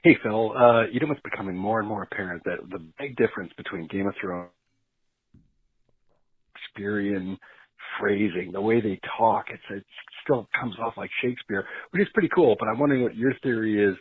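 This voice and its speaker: A man's voice: fairly low pitch, fairly quick, husky. A man leaving an easygoing, chatty voice message for a show. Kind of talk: casual friendly voice message. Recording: tinny phone line.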